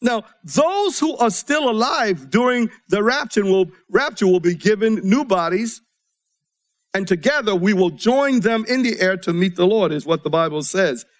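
High-voiced preacher in full sermon. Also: male voice, lively intonation, moderate pace. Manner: preaching with sudden swings between soft and rising tones; reads scripture aloud to a live congregation.

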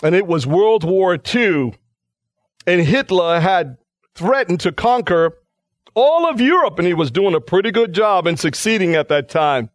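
A man's voice: high voice, animated, measured pace, no room sound, studio quality. A male pastor preaching a radio sermon in an emphatic, dramatic way, acting out the lines he quotes.

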